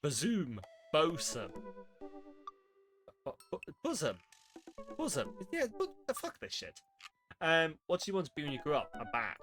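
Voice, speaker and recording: A man's voice: medium pitch, pushed and bright. A man streaming a game, reading its lines aloud and reacting with wry, sarcastic asides. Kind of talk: casual commentary while reading a game aloud.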